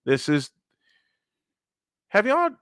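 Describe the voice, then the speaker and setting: Sports stream guy ranting at chat, voice on the higher side and all over the place, dry close mic. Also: extremely slow, clean tone, dry recording. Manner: animated, ranting, rhetorical questions, repeats points. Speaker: live-stream sports show host. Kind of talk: casual live-stream sports rant.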